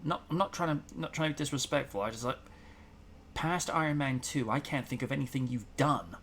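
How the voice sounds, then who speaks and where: A man's voice: mid-range voice, fairly quick, a bit bright, a little hiss or hum. A man hosting a casual talk show, chatting in an opinionated, rambling way with plenty of fillers. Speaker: podcast host. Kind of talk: casual chat.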